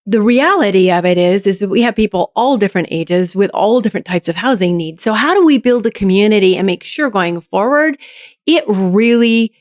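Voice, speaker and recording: A woman's voice: medium pitch, animated, brisk, a little mellow, dry recording, clean studio sound. A woman mayor answering interview questions, methodically breaking a problem into its parts. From Oregon, US. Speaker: city mayor as guest.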